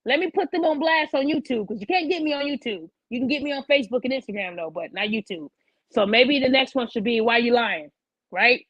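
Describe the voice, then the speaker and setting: A woman's voice: fairly high pitch, fairly bright tone, dry recording. Blunt, profane woman ranting live. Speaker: host of a live online show. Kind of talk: livestream rant to chat. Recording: dull lo-fi sound.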